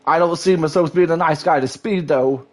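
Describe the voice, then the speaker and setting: A man's voice: fairly high pitch, normal speed. A man leading live play-by-play for a sim racing league. His talk is rambling and full of restarts, and his voice shoots up when the action gets wild. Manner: excitable, rambling, voice leaps up during action. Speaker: lead race commentator.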